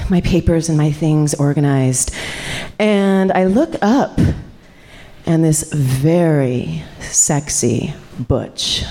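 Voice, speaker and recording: A middle-aged woman, a sexuality educator, telling a story live to an audience in an animated way, laughing and chatting with the crowd. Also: fairly low pitch, a little hiss or hum.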